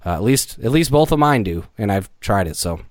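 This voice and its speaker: A man co-hosting a casual podcast, talking with lively, swinging energy and the odd curse. His voice sits a bit low, and it is recorded close and dry with no room sound. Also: brisk, no room sound. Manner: animated, swears casually, mocks others in a put-on surfer voice. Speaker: podcast co-host.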